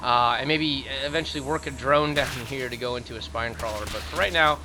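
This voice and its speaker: A man casting a live video game match, getting loud and fast during fights. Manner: excitable, rising to high-pitched rapid calls in fights. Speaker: esports caster. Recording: faint background noise.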